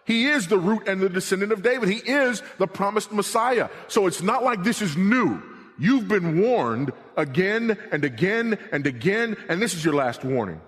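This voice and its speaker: Male pastor, middle-aged, sermon, emphatic then hushed, slightly high voice, long church reverb. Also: animated, moderate pace. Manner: emphatic preaching, swinging from loud repetition to hushed low delivery. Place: church sanctuary.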